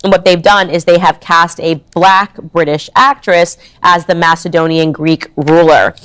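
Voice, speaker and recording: A woman's voice: on the low side, fairly even intonation, measured pace, a bit bright, smooth. A woman giving chatty, sarcastic opinion commentary, explaining her view at length. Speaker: online commentator.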